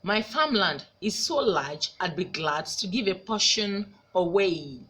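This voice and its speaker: A woman teacher from Nigeria giving a recorded grammar lesson, slowly repeating each example sentence. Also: fairly low pitch, animated, fairly bright tone, slightly rough.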